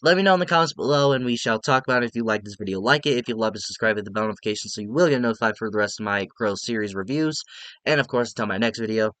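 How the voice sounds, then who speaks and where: A male film reviewer chatting casually to his viewers, circling back to the same points and chuckling at what he criticizes. His voice is bright and crisp, and the recording is dry, with no room sound. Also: lowish voice, lively intonation, very fast, dry recording. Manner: rambling, repeats himself, laughs at what he reviews.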